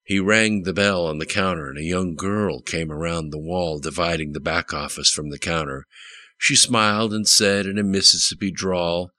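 A man narrating an audiobook with steady, plain storytelling. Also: deep voice, normal speed, dry recording.

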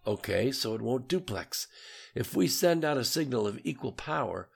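A man voicing a gruff, hard-driving male military commander in an audiobook. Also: mid-range voice, expressive, normal speed, pitched above the performer's own voice. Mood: commanding. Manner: barking orders. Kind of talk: audiobook reading.

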